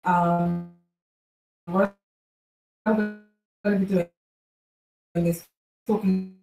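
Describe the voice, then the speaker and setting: A woman's voice: on the low side, little pitch movement, very slow, dark tone. A woman giving a casual talk as guest speaker at an event, chatty, with many fillers and restarts. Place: large event room. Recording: echoey room with faint background noise.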